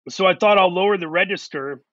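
A man's voice: high voice, fairly quick, bright, forceful tone, dry recording, lo-fi sound. A man talking in a casual interview, earnest and reflective, working through his ideas in long, run-on thoughts. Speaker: actor, guest.

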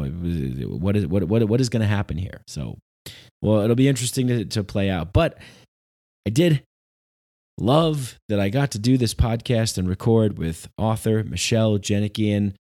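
A man hosting a podcast, talking in a loose, rambling monologue that turns sarcastic and animated. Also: low-pitched. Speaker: podcast host.

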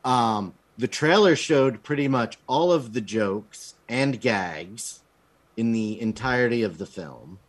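A man's voice: medium pitch, animated, slow pace. Blunt, hesitant man reviewing a film. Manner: hesitant, lots of ums, blunt and profane. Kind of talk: casual podcast chat, film review.

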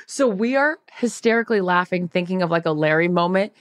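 A woman co-hosting a podcast, chatting casually and telling lively stories, acting out what others said. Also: lowish voice, brisk, smooth, no room sound, clean studio sound. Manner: animated storyteller, acts out quotes in voices. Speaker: podcast co-host. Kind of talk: casual chat.

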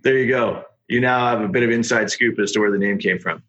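A middle-aged man, a startup founder, telling his story in a casual podcast interview with quick, animated delivery. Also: medium pitch. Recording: dull lo-fi sound.

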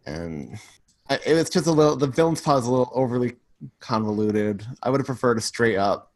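A man's voice: medium pitch, animated, a little fast, darkish tone, dry recording. A man co-hosting a podcast in casual chat, talkative and full of "like" fillers. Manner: talkative, fills speech with "like". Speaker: podcast co-host.

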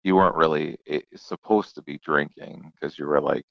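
A man with a very low voice and a gravelly, creaky edge tells stories in a relaxed, easygoing way. The sound is dry and a little dull, with no room around it. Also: moderate pace, no echo. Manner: laid-back storyteller, acts out quoted voices. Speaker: comedian guest. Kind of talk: casual storytelling chat.

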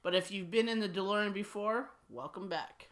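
A man's voice: high voice, fairly bright tone. A man hosting a podcast, chatting casually and teasing his co-host. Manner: teasing, quick to laugh. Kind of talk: casual chat.

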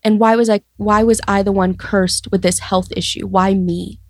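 A young woman sharing her life story in an interview, earnest and reflective, often pausing and restarting. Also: medium pitch, fairly even intonation, dry recording, clean studio sound. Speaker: guest sharing testimony. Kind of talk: personal testimony interview.

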